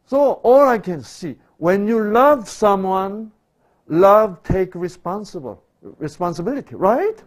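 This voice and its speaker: A middle-aged male pastor preaching a sermon, asking rhetorical questions and swinging from loud to hushed. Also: high-pitched, sing-song, slow pace.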